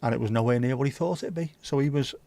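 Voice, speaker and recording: A man's voice: mid-range voice, fast, creaky, dark tone, dry recording. A middle-aged man from Liverpool with a Scouse accent, hosting a livestream in rambling, casual chat that swears freely. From Liverpool, England. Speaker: livestream host.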